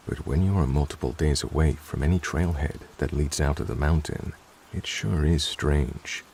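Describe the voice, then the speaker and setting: A man with a gravelly voice reading a first-person story in an even, low-key manner. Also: a little hiss or hum, rough recording. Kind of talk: scripted narration. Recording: rain sounds behind the voice.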